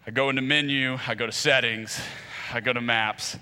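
A man telling a comic personal story in a sermon, animated and acting out quotes with loud bursts, in a large church auditorium. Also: mid-range voice, normal speed, long reverb tail.

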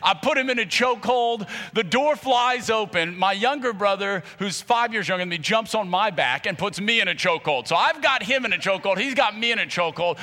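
Animated man preaching in a reverberant hall. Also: high-pitched, brisk, hardly any pauses. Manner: animated, acts out quotes, bursts of loud exclamation. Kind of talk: comic personal story in a sermon.

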